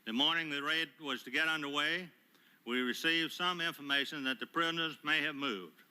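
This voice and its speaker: An older man, a retired admiral, giving prepared testimony at a hearing in a formal, measured way with frequent hesitant pauses, speaking into a table microphone. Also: on the high side, pushed and bright, clear, resonant tone. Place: hearing room.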